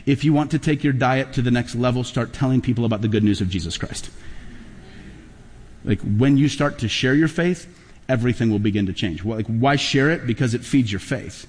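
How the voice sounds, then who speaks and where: Emphatic pastor preaching in a hall. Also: male voice, mid-range voice, fairly quick. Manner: storytelling, emphatic, rising to loud peaks. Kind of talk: sermon. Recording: long hall reverb.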